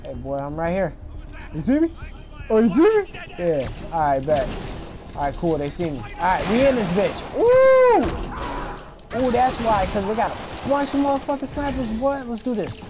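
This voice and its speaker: A young adult gamer giving casual, profane gameplay commentary with frequent excited whoops. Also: medium pitch, brisk. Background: video game music.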